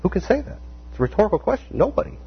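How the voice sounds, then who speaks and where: A man preaching a conversational sermon, animated, full of rhetorical questions and acted-out quotes. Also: high voice, racing, vocal fry. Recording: dull lo-fi sound with faint mains hum.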